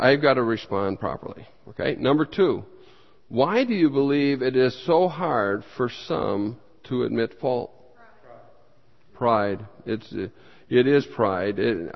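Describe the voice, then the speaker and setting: A man preaching as a pastor, teaching a Bible study with emphatic bursts and questions that he puts to the room and then answers himself. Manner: emphatic, with sudden rises in pitch and loudness. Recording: dull sound with long hall reverb.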